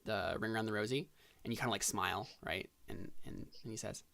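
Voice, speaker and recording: A man narrating as game master in a tabletop role-playing game, halting and filling pauses as he describes scenes. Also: on the low side, vocal fry, fairly bright tone. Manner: halting, full of fillers and restarts.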